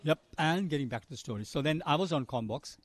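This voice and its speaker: A man's voice: a little high, expressive, fast, no room sound. An older man from Sri Lanka, commentating live cricket and telling long chatty anecdotes between balls. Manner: chatty storyteller, drifts between anecdotes and play calls.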